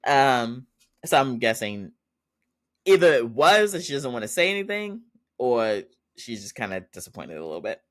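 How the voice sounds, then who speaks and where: A man's voice: medium pitch, big pitch swings, moderate pace, a bit bright. A man hosting a podcast, casually recapping a TV episode in a chatty way and laughing often as he retells it. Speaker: podcast host.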